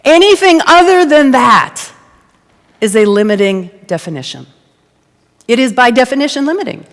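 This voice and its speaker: A woman's voice: high-pitched, sing-song, normal speed, big-room sound. A woman giving a conversational, playful sermon to a congregation and asking them to answer back. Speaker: guest speaker at a church service. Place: church sanctuary before a congregation.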